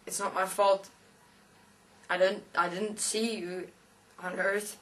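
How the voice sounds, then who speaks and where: A woman's voice: medium pitch, flat delivery, takes it slowly, a bit bright. A woman doing a frightened, begging man. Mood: pleading. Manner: begging, submissive pleading. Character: frightened, pleading man, an atheist at judgment. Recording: voice distant from the mic.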